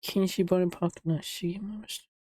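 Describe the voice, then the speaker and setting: A streamer reading game dialogue aloud, reading lines quickly and riffing between them. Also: medium pitch, fairly even intonation, dark tone, dry recording, studio quality. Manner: reads lines quickly, laughs and riffs.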